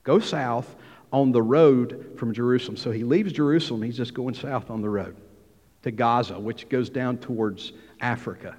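A middle-aged man preaching a sermon, telling the story lively and acting out the dialogue. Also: mid-range voice, normal speed. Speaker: pastor. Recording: dull hall sound with long reverb.

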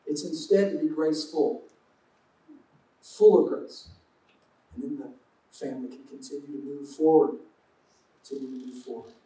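A high-voiced man preaches in a loose, joking way, slipping into quick acted-out asides. His voice rings around a roomy church space and sits a little back from the mic. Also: dark tone, far from the mic. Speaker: pastor. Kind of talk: sermon.

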